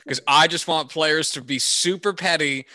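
A man's voice: fairly high pitch, normal speed, bright, forceful tone, no room sound. A man co-hosting a casual sports podcast with dry, sarcastic humor. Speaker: podcast co-host.

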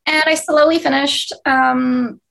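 A young woman from Canada talks through a video-call interview in a loose, rambling way, peppering every thought with fillers and easy laughs. Her voice sits fairly high, with a heavy gravelly fry running through it. The sound comes over a home video connection. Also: steady tone, slow pace, a bit bright. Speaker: singer-songwriter guest.

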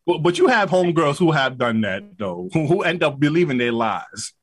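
A man's voice: on the high side, very animated, moderate pace, no room sound. A man co-hosting a podcast, arguing back in casual debate and often stumbling over repeated words. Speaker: podcast co-host.

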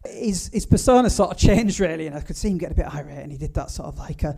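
A man's voice: on the high side, expressive, fast talker, gravelly, mellow, breathy edge. A man hosting a live podcast event before an audience, chatty and loose, with frequent fillers and restarts. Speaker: podcast host.

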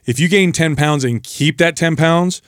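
A man's voice: a little high, normal speed, a bit bright, dry recording. Man on a dry studio mic, explaining. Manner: explains and retells stories with emphasis. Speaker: podcast co-host. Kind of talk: casual fitness podcast talk.

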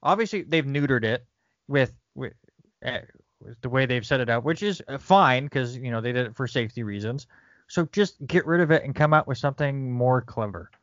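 Hesitant mid-pitched man, guest host. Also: animated, moderate pace, fairly bright tone, dry recording. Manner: hesitant, repeats words as he starts. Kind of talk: casual sports podcast chat. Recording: dull, dry lo-fi podcast audio.

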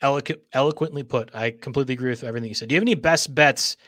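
A man's voice: mid-range voice, rapid-fire, a bit bright, no room sound, studio quality. A man hosting a sports podcast in casual chat, upbeat as he steers the talk and signs off. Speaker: podcast host.

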